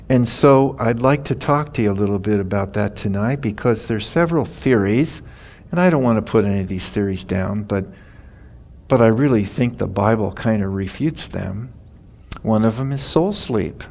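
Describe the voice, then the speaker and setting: Folksy, gravelly older preacher. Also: male voice, fairly low pitch, a little mellow. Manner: folksy storytelling, laughing at his own stories. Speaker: pastor. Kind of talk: sermon.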